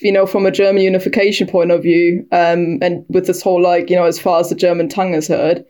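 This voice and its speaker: Brief: woman guest historian, flat delivery, lower voice, long winding explanations. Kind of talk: expert conversation.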